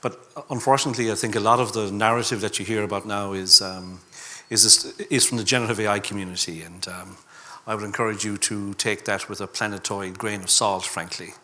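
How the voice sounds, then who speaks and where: A man's voice: fairly low pitch, steady tone, brisk, bright, forceful tone. A man speaking as a conference panelist, bluntly voicing skeptical opinions. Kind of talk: panel discussion. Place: conference hall stage.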